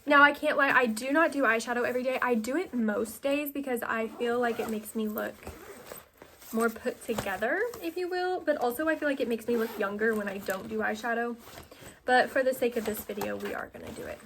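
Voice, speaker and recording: A woman's voice: fairly high pitch, fairly quick, a bit bright, slight background noise. A young woman from the United States chatting casually through a makeup tutorial at home, full of fillers and self-deprecating asides. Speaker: vlogger.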